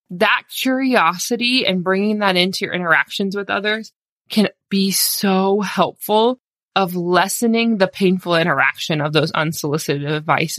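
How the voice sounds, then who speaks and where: A woman's voice: medium pitch, bright, forceful tone, no room sound, clean studio sound. A woman in her thirties hosting a solo podcast, talking candidly and encouragingly in a casual conversational way with lots of "like"s. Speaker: podcast host.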